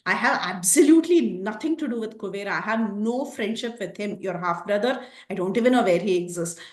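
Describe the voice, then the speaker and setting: Woman doing a fearless monkey envoy, steady and firm, echoey room. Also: medium pitch, a little fast, natural voice. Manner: steady, plain denials. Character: calm male monkey messenger, firm and fearless.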